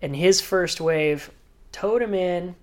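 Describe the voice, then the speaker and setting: A man's voice: high voice, takes it slowly. A man, a professional surfer, telling a story in a casual podcast interview and acting out what others said. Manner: animated, vivid storyteller who acts out others' lines.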